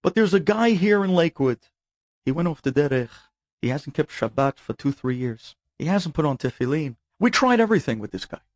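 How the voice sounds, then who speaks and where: A man's voice: fairly high pitch, very animated, fairly quick, dry recording. A man voicing a tearful, pleading older father. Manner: emotional, pleading, tearful over the phone. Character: distraught older father pleading for his son.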